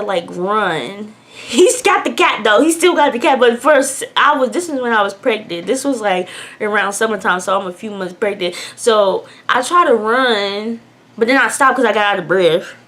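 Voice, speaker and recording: Candid young woman telling a storytime. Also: on the high side. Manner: candid, emotional, swings between hushed and loud. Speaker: vlogger. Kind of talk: storytime vlog.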